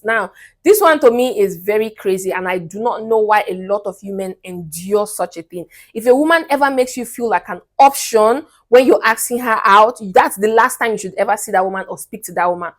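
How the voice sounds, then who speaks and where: A young woman hosting a relationship advice vlog, speaking bluntly and emphatically and often checking in with listeners. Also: mid-range voice.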